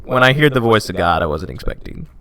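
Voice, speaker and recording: A man's voice: lowish voice, very animated, fast talker, crowd noise. A young man chatting casually on a podcast, rambling and self-mocking, with "like" in almost every sentence. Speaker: podcast host telling his faith story. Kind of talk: casual chat.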